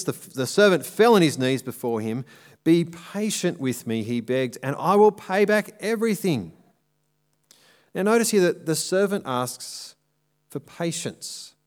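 A man preaching a sermon in a church, explaining a passage step by step and slowing down to drive his points home. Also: mid-range voice.

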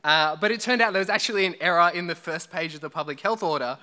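A man's voice: sits high, fast talker, pushed and bright. A man preaching a sermon to a church congregation, chatty and joking with the people in front of him. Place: church hall.

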